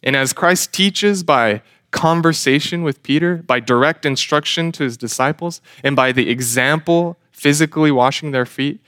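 A man's voice: on the high side, normal speed, few pauses, fairly bright tone, dry recording, studio quality. A man preaching a sermon in an earnest, emphatic way, asking rhetorical questions. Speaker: pastor.

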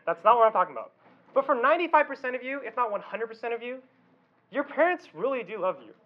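A man's voice: extremely high pitch, expressive, fast talker, muffled recording. A man preaching a casual, conversational youth sermon, often asking the audience questions. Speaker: youth pastor.

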